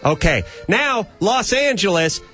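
A male radio host in a studio, with a voice pitched a little high. He rants emphatically and needles listeners with sarcastic rhetorical questions. Faint music plays behind him. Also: big pitch swings, a little slow, sharp tone. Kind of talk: talk radio banter and rant.

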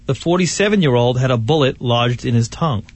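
A man's voice: mid-range voice, animated, brisk, darkish tone, husky, dry recording. A man with a Brooklyn accent, a show producer reading a news story in a matter-of-fact way.

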